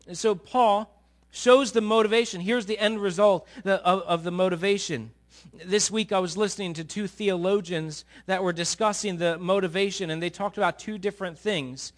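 A man preaching a sermon, telling a story and sketching on a board as he speaks, dropping low during the story and rising forcefully. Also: fairly even intonation, normal speed. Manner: drops to a low murmur while telling a story, then rises forcefully. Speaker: pastor.

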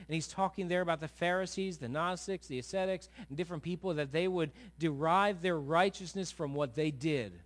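A man preaching a sermon as a pastor, animated, acting out quoted voices, swinging from quiet to loud. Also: on the high side, a little fast, hardly any pauses.

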